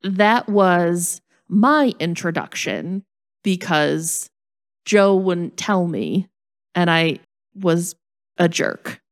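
A woman co-hosting a podcast, telling a lively, self-mocking story in a casual chat. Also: fairly low pitch, extremely slow.

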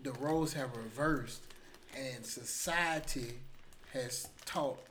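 A man co-hosting a podcast in casual chat, trading loud mock-indignant banter and then musing more slowly. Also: mid-range voice, a little hiss or hum. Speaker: podcast co-host.

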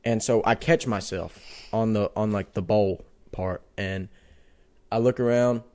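A young man co-hosting a podcast, telling a childhood story in a casual, animated way with lots of restarts. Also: on the low side, a little slow. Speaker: podcast co-host.

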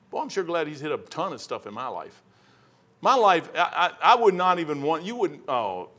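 A man's voice: on the high side, fairly bright tone. Folksy rambling preacher man. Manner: folksy, rambling, wanders off topic into anecdotes. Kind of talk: casual sermon.

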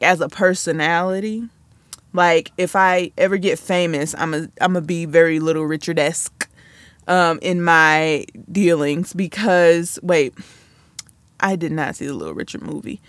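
A woman's voice: mid-range voice, fairly bright tone, dry recording, studio quality. A woman hosting a podcast, talking solo in a sassy, chatty way that drifts off on tangents. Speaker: podcast host. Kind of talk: casual solo commentary.

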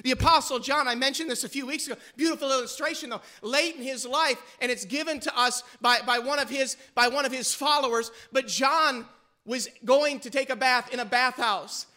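A man's voice: very high-pitched, brisk, sharp tone. A male pastor preaching a sermon with fervor, pressing his listeners with rhetorical questions.

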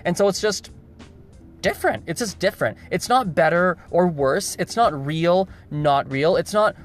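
A male video host delivers a casual vlog monologue in a high voice at a moderate pace. He is emphatic, repeating words and restarting often.

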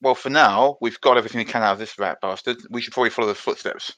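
A man's voice: mid-range voice, racing, no echo. A man joking around as a player in a casual tabletop role-playing game. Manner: jokey, animated.

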